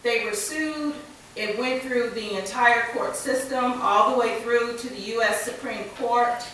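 An American woman giving a conference keynote, slightly under the weather with a cold, speaking in a deliberate, measured way with touches of dry humor. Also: a little high, a bit bright. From United States. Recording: echoey hall from far off, faint noise.

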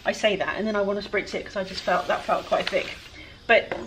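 A woman's voice: mid-range voice, fairly even intonation, brisk, a bit bright, a little hiss or hum, poor audio. A woman with a Welsh accent chatting casually and self-deprecatingly to viewers while she paints furniture outdoors. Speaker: furniture flipper. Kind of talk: casual DIY vlog narration. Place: outdoor work area with flies.

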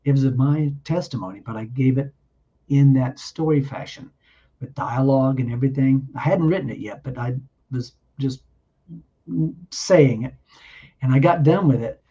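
A man giving his personal testimony in an earnest, halting way, often restarting his sentences. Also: mid-range voice, mellow, slightly rough, lo-fi sound.

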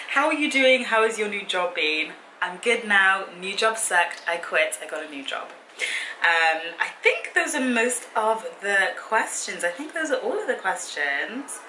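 Young woman, chatty vlogger, bright lowish voice, recorded in an echoey room. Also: very animated, unhurried, a little hiss or hum. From Britain. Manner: chatty, easily sidetracked, laughs often. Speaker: fitness vlogger. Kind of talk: casual Q and A chat to camera. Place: hotel room.

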